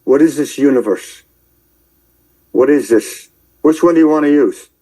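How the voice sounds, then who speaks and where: A man preaching in a rambling commentary, shouting angry tirades at his listeners and then muttering to himself as he browses his screen. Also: on the high side, normal speed, low-quality recording. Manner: addresses listeners directly, calling out believers. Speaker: online preacher.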